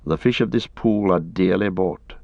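A man's voice: deep voice, gravelly, darkish tone, no room sound. A man reading a stern noble captain. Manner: measured, formal and commanding. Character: stern noble male captain, grave and just. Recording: dry, slightly dull audiobook recording.

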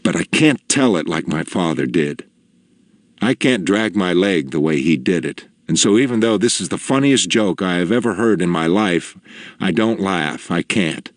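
A man narrating a personal story in the first person, slow, measured and reflective. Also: deep voice, animated, no echo, clean studio sound.

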